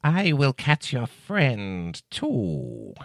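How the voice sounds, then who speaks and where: A man voicing a cruel, menacing giant owl in a storybook reading, with a high rasping voice and a slow, gloating menace. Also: wildly swooping pitch, no room sound, clean studio sound, heavily acted. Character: cruel menacing predator owl, huge male. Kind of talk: audiobook character voice.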